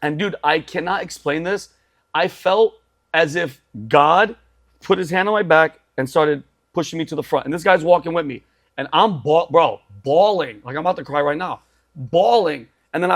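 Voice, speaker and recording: A man in his forties tells his story on a podcast, his voice sitting a little high. He talks emphatically, circling back over his words and dropping "bro" and "dude" as he goes. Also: a little fast, fairly bright tone. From Assyrian family. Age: 40s. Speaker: guest.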